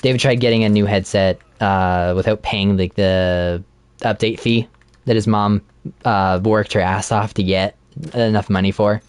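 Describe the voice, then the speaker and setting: A man co-hosting a casual podcast, chatting while playing a game and retelling a plot with animated laughter. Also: fairly low pitch, a little slow, clear, resonant tone, no room sound. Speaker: podcast co-host.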